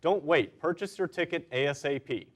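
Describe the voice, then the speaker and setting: A teenage boy reading school announcements in a steady, clear manner as a student announcer. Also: fairly high pitch, normal speed. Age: teens. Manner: steady, clear read with stressed headlines.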